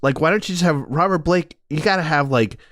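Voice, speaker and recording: A man's voice: a little high, fairly quick, a bit bright. A man co-hosting a podcast, thinking aloud in a rambling, reflective way. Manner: thoughtful, rambling, many "like"s. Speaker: podcast co-host. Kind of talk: casual review chat.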